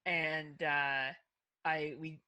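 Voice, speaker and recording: A woman's voice: deep voice, flat delivery, drawn-out words, pushed and bright. A young adult woman co-hosting a podcast, talking bluntly and laughing often in casual chat. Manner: blunt, profane and frequently laughing. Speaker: podcast co-host.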